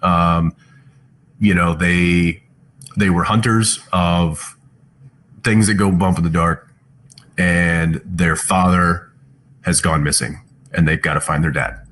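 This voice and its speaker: A man's voice: low-pitched, fairly even intonation, takes it slowly, pauses often, fairly bright tone. A man chatting thoughtfully on a virtual fan panel, reading out fan questions from home over a video call. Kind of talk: casual panel chat.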